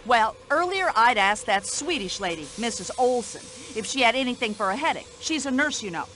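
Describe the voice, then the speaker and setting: A nosy older American widow for a game, high and swooping, bright-edged, easily offended. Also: female voice, sing-song, fairly quick, slight background noise. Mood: indignant. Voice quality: shrill, indignant, chatty. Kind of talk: video game voice acting.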